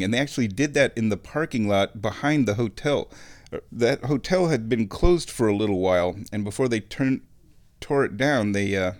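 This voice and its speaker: A man from Omaha, Nebraska, telling a rambling, nostalgic story in a casual monologue, chuckling often and clearing his throat. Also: on the low side, dry recording. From Omaha, Nebraska, USA.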